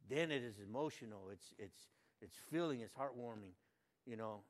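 An older man reading a Bible passage aloud, then musing on it in a folksy, conversational way, rising to loud fervent cries and dropping to quiet asides. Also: mid-range voice, normal speed. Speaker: Bible reader and preacher. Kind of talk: informal devotional Bible reading and reflection. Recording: long hall reverb.

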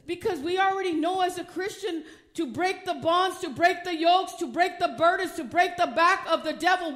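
A woman's voice: extremely high pitch, normal speed, few pauses, a bit bright. An older woman preaching a fervent sermon. She reads scripture aloud, stumbles over some words, laughs often and drives her points home with emphasis.

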